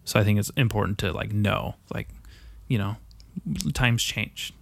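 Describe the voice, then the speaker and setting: A young man hosting a casual podcast chat, talking in a profane, rambling and excitable way. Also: on the low side, measured pace, creaky, no echo.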